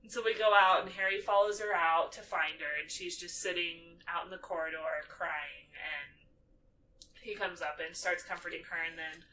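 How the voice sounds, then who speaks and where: A woman co-hosting a podcast, casually recapping a movie and acting out the characters' lines in lively voices. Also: fairly low pitch, normal speed, distant mic, a little hiss or hum, poor audio. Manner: animated, acts out quotes in character voices. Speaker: podcast co-host.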